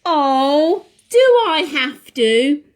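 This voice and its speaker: A woman voicing a lazy, cheeky young male owl who yells excitedly in a children's storybook reading. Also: drawn-out words. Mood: whiny. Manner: shrill, excited yelling.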